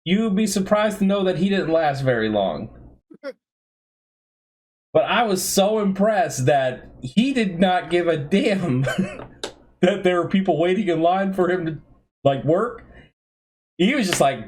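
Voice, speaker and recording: A man on a podcast telling a funny story about an old job in a casual, animated way, acting out the quotes. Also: sits high, measured pace, long pauses, a little hiss or hum. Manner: animated, laughing, acts out quotes. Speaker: podcast co-host.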